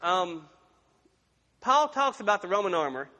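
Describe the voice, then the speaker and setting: A man's voice: high voice, very animated, measured pace, pushed and bright. A man pastor preaching a sermon in a folksy, conversational way with humorous asides, in a church sanctuary. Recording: long reverb of a large room.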